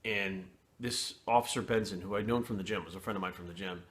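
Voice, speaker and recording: A man telling a personal story to camera in casual, blunt and profane talk, pausing and restarting as he goes. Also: low-pitched, fairly even intonation, fairly bright tone. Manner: blunt and profane, frequent swearing; candid, with pauses and restarts.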